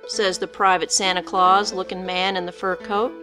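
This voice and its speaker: A woman's voice: fairly low pitch, flat delivery, moderate pace, music in the background. A woman narrating a story in the first person with folksy, rural dialect speech.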